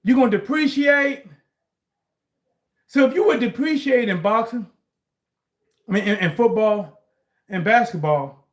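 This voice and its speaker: A man in a casual chat about sports, talking in rambling bursts and raising his voice to drive points home. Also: high-pitched. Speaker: sports commentary vlogger.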